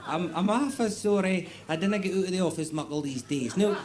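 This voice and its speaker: A man's voice: sits high, fairly quick, voice pushed up, close to an everyday voice. A man voicing a fussy, flustered male farm-department official who stammers. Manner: stammering and hesitant. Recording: noisy tape copy with audience laughter.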